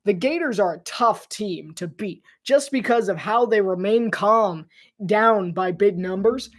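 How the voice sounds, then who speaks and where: An amateur play-by-play commentator, a man, calls a basketball game by himself in a high-pitched, unhurried voice. He gets excited on the big plays, his voice leaping up, and now and then he trips over the players' names.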